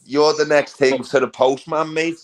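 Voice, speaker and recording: A man's voice: fairly high pitch, fairly even intonation, moderate pace, a loud crowd. Chatty man with a raised voice. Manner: chatty, opinionated banter. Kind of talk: casual chat.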